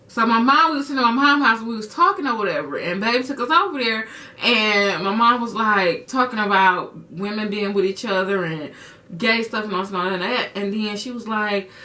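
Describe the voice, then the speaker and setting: A young woman vlogger telling a personal story in casual chat, animated and acting out quotes in a high voice, slightly off-mic. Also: distant mic.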